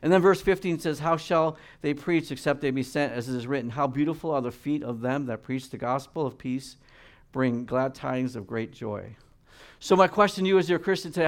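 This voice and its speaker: A man preaches a sermon and reads from scripture, his delivery swinging between loud, emphatic peaks and quiet, low asides.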